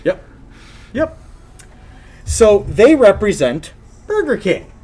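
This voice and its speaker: A man co-hosting a casual gaming podcast, talking in an animated, jokey way and swearing now and then. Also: sits high, slow pace, breathy edge. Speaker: podcast co-host.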